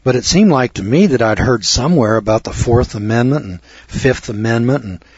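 Speaking at medium pitch with lively intonation and a husky tone, a middle-aged man talks a little fast as he spins a meandering, self-deprecating yarn for an audience, echoing his own words. It's a folksy storytelling lecture on a dull, muffled, dry recording with no room sound.

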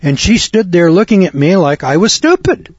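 A man's voice: high voice, very animated, moderate pace, slightly rough, no echo. A cocky man telling a ranting story in a folksy monologue, acting out both sides of a conversation. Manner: cocky, ranting, mimics others in quotes. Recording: dull, slightly lo-fi dry recording.

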